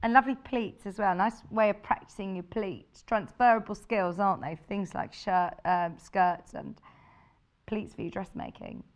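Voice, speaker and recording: A woman's voice: mid-range voice, moderate pace. A woman presenting sewing kits on a live shopping channel, chatty and bubbly, thinking aloud as she shows the fabrics. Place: TV studio.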